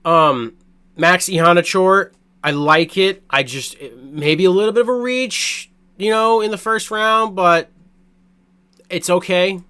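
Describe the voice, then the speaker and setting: A man's voice: high-pitched, a little slow, smooth. A man giving a blunt, profane, rambling reaction to a sports draft as a fan, full of restarts and fillers. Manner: excitable, swears a lot, blunt opinions. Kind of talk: casual sports reaction rant.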